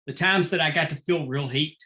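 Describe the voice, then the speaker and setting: Man, referee guest, forceful bright tone, animated yarn-spinner. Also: fairly high pitch, brisk. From Texas. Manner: animated anecdotal storyteller, acts out quotes. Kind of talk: casual storytelling interview.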